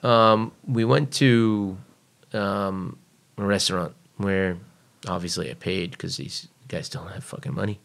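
A man's voice: deep voice, unhurried, creaky, a bit bright. A man guest on a podcast, telling a personal story casually and bluntly, swearing freely. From United States.

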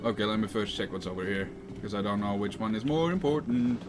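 A man's voice: on the low side, fast talker, loud music behind the voice. A man commenting on a horror game as he plays, in a playful, jokey manner. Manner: playful, puts on mock accents. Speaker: let's play streamer. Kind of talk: gameplay commentary.

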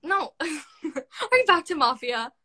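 A young woman hosting a live stream from her phone. Her voice is bright and a touch high. She chats quickly in a giggly way and reads out viewer comments. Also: very animated. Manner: chatty, giggly, reading comments aloud. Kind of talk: casual chat. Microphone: phone on a live video call.

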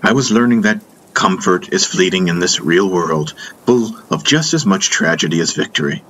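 A man's voice: deep voice, expressive, moderate pace, a bit bright, slight background noise. A man reading a first-person fantasy audiobook in a solemn, reflective way. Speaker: audiobook narrator. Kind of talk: scripted first-person narration.

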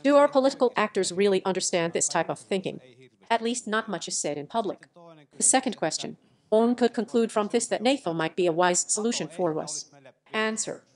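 A woman with a mid-range voice reads a translated lecture transcript aloud. Her delivery is even and measured, and she announces each question and answer in turn. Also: medium pitch.

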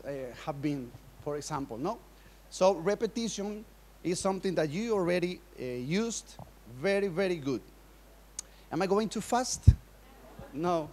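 Male conference speaker with a high voice, Spanish as his first language, teaching public speaking in nervous, laughing English. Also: lively intonation, measured pace, darkish tone. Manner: nervous, laughs often, non-native phrasing. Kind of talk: public speaking workshop talk. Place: conference hall in Madrid.

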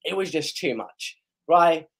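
A man hosting a live match reaction stream, slightly hoarse, excitable and shouting and chanting at big chances. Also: on the high side, a little slow. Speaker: live stream host, fan of the team.

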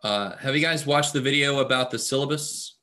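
Casual male math instructor on a video call, mid-pitched, easygoing and filler-heavy. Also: fairly quick. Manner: relaxed, chatty, many fillers. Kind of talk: casual online class talk. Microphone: computer mic on video call.

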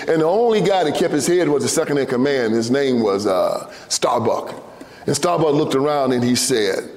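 A man with a Southern US accent from Tennessee giving an impassioned sermon-style speech in a church, preaching in a repetitive cadence that rises to shouts. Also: on the high side, lively intonation, a little fast. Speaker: guest speaker. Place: church sanctuary. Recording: echoey church hall.

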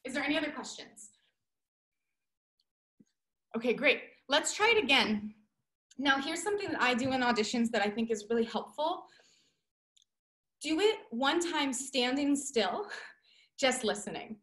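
A young woman teaching an online dance class over a video call, playful and energetic, counting out the beats. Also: high-pitched, unhurried, pauses often. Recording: roomy echo.

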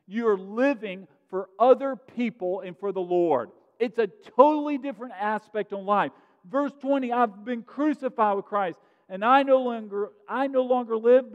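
A man preaching a sermon as pastor, earnest, pushing his voice up for emphasis and then dropping to a quiet tone. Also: high voice. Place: church sanctuary. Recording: muffled sound in a reverberant sanctuary.

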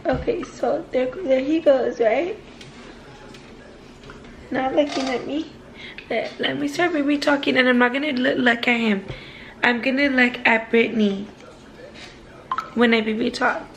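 A woman's voice: sits high, measured pace, pauses often, fairly bright tone, roomy sound, a little hiss or hum. A young woman in her twenties chatting casually for a vlog from a parked car, swearing and laughing easily as she talks about food. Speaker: vlogger.

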